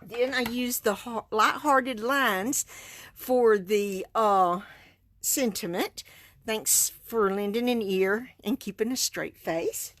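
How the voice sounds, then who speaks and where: A woman's voice: fairly high pitch, slow pace, fairly bright tone. A woman, chatting through a live card-making demonstration, enthusiastic and laughing often. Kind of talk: casual live stream demonstration.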